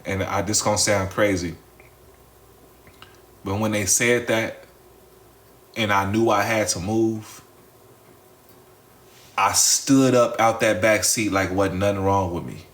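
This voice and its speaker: A man's voice: lowish voice, fairly even intonation, takes it slowly, pauses often, a bit bright. A man casually telling his followers a personal story, repeating phrases, talking straight to the audience and swearing freely.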